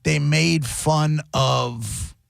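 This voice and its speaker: A man's voice: on the high side, very slow, creaky, no room sound, studio quality. A radio host chatting casually on air, acting out other people's lines as he tells stories. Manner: animated storyteller, acts out quotes. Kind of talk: casual radio show banter.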